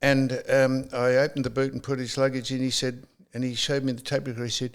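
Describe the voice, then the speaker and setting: An older Australian man hosting a podcast, chatting casually and telling a story with halting restarts. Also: mid-range voice, level tone, clear, resonant tone. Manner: halting, many restarts and fillers. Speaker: podcast host. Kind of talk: casual chat.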